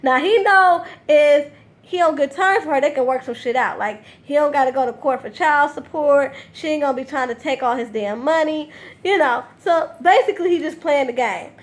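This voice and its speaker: High-voiced sassy woman recapping TV. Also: normal speed. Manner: sassy, blunt and profane, animated retelling. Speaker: TV recap host. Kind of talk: casual reality TV recap commentary.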